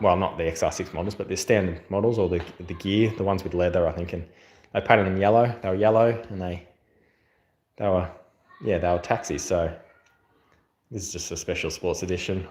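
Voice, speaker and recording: Aussie guy livestreaming, kinda low voice, rambles a lot, echoey room. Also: steady tone, moderate pace, a little mellow. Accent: Australian. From Australia. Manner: rambling, lots of fillers and restarts, reads out viewer comments. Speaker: channel host doing a livestream. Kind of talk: casual livestream chat.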